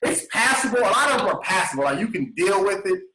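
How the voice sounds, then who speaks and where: A man's voice: high-pitched, big pitch swings, fast, pushed and bright, roomy sound, low-quality recording. A man co-hosting a film podcast, talking casually and hesitantly, often restarting his sentences. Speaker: podcast co-host. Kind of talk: casual chat.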